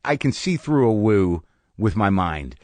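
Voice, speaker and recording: A middle-aged man spins a wry, profane story into a studio mic, his voice dry and close with no room around it. He talks casually as a podcast host, dropping into sudden high yelps to mock people. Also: big pitch swings, measured pace, darkish tone, no room sound.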